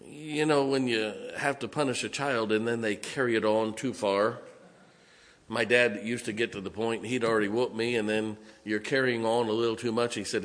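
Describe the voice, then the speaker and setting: A man's voice: mid-range voice, a bit bright. A middle-aged man preaching a sermon as pastor, folksy and joking, sometimes mocking whiny voices.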